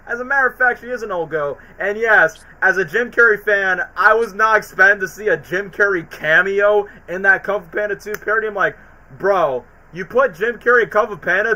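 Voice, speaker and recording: Excited guy gushing about cartoons, bright tense voice, bit of hiss behind. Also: fairly high pitch, rough recording. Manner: excitable, mimics characters in quick bursts. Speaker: stream co-host. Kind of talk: casual chat, retelling cartoon parody scenes.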